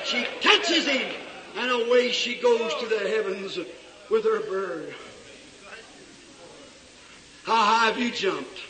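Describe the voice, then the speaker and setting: A male preacher delivering a fiery revival sermon in a church, swinging between shouts and low asides. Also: animated, a little slow, crowd noise. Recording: echoey hall recorded from far off.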